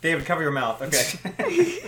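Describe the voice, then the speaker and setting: A man's voice: on the high side, huge pitch swings, background noise. A man co-hosting a podcast in casual chat, joking and teasing. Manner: joking, teasing, quick to laugh. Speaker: podcast co-host.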